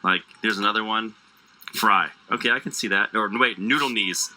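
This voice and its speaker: A man's voice: fairly low pitch, moderate pace, bright, forceful tone, rough recording. A man from Illinois doing live sports commentary, joking and playful, stumbling over player names. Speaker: play-by-play commentator.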